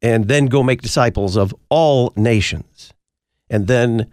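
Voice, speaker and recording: A man's voice: mid-range voice, unhurried, darkish tone, dry recording, clean studio sound. A man hosting a talk radio show, answering listener mail in an emphatic, preacherly way.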